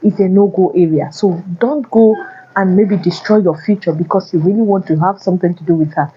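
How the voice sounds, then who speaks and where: A woman's voice: lowish voice, fairly quick, lo-fi sound, slight background noise. A woman vlogger giving blunt, repetitive relationship warnings addressed to men. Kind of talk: casual advice monologue.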